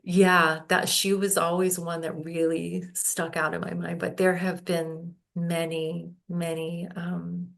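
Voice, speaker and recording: Slow, gravelly-voiced woman telling a story. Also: fairly low pitch, little pitch movement. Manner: unhurried, halting storyteller with many fillers and restarts. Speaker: guest, holistic healing practitioner. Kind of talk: casual podcast conversation, storytelling.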